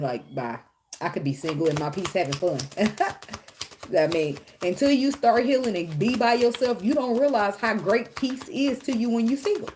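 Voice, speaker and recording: A woman's voice: lowish voice, a little mellow, a little hiss or hum. A woman giving a casual tarot reading, blunt and profane, who laughs often and talks straight to the viewer. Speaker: tarot reader.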